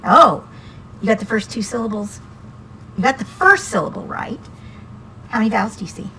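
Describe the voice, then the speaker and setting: A woman's voice: a little high, lively intonation, moderate pace, bright, forceful tone, a little hiss or hum, low-quality recording. A woman teaching reading one-on-one to a student, patient and encouraging, asking many questions.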